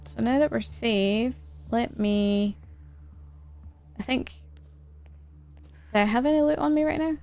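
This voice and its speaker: A woman's voice: medium pitch, darkish tone, clear, resonant tone. A woman streaming a game live, chatting to herself as she plays and laughing often.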